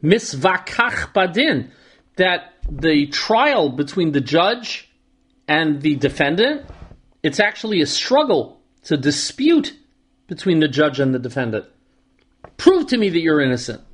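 Male Torah teacher, slightly high voice, explains verse by verse with dry humor. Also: sing-song, measured pace, fairly bright tone, breathy edge. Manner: reads Hebrew verses then translates and explains, wry asides. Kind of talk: verse-by-verse scripture lesson.

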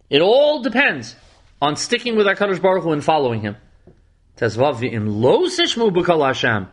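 A man's voice: fairly high pitch, fairly bright tone. A middle-aged man teaching a verse-by-verse scripture lesson, reading passages dramatically and adding wry asides. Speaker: Torah teacher.

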